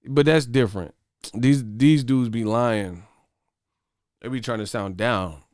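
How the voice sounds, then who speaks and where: A man hosts a boxing channel and rants to his viewers in loose, profane livestream talk. His voice is smooth and clear. The sound is dry and close to the mic. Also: medium pitch, slow, dry recording. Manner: profane, animated ranting. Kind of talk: casual livestream chat.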